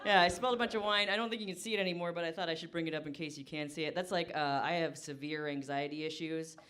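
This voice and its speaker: A woman in her twenties from Kansas doing live stand-up, rambling fast and poking fun at herself on a comedy stage. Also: low-pitched, steady tone, a bit bright. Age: 20s. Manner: fast, rambling, self-deprecating.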